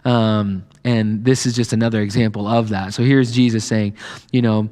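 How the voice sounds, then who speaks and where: A man's voice: medium pitch, steady tone, moderate pace, a little mellow, long reverb tail. A man preaching a sermon, reading scripture and explaining it casually, with fillers and growing passion. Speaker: pastor. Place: church sanctuary.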